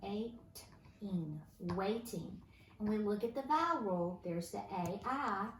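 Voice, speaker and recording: A woman's voice: mid-range voice, expressive, unhurried. A woman teaching a first grade phonics lesson, patiently encouraging her pupils to read each word aloud, recorded at home. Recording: roomy, distant, noisy home recording.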